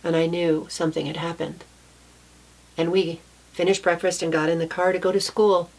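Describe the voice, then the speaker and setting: A woman with a fairly low voice tells a story from her own childhood. She speaks softly and thoughtfully, pausing to correct herself now and then. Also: level tone. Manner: soft-spoken, reflective, with small restarts. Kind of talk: personal storytelling.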